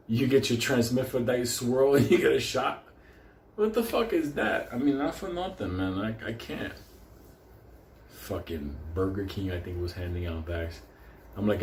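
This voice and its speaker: A man's voice: lowish voice, lively intonation, normal speed, darkish tone, slight background noise. A man on a profane, rambling rant, drifting off mid-thought and restarting. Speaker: vlogger. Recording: roomy echo, faint ambience.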